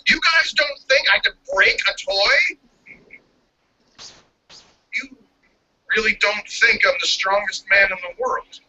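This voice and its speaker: An actor playing a proud middle-aged superhero dad whose pride bruises easily, heard as a muffled, distant TV recording. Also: male voice, sits high, expressive, takes it slowly, pauses often, pushed and bright, slight background noise, exaggerated voice. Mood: hurt.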